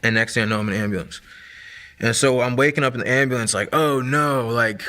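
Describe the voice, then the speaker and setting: A man's voice: medium pitch, fast talker, sharp tone. A man in his thirties sharing a personal testimony in a casual, conversational way, full of fillers like "like" and "man".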